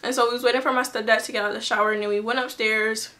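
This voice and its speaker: A woman's voice: a little high, fairly even intonation, racing, sharp tone. A young woman telling a personal story to her camera in a casual, chatty way, full of fillers and restarts. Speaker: vlogger.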